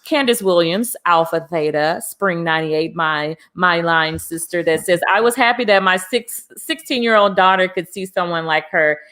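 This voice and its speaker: Woman, talk show host, lowish voice, earnest, encouraging, reads viewer comments. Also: moderate pace, few pauses, fairly bright tone. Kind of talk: live conversational talk show.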